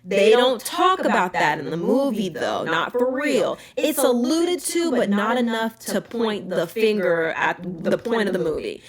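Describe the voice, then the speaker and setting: A young woman hosting a podcast, talking casually in an emphatic, animated rant. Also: mid-range voice, unhurried, hardly any pauses, a crowd in the background. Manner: animated, emphatic ranting with frequent "okay?" asides. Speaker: podcast host. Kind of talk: casual chat.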